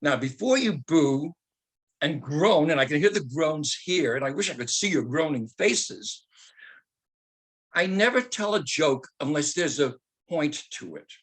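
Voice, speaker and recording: Older male speaker, husky, fairly high pitch; a retired teacher spinning a joke into a lesson. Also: animated, unhurried, fairly bright tone. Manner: teacherly, joking, asks rhetorical questions. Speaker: speaker and author. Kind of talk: storytelling talk.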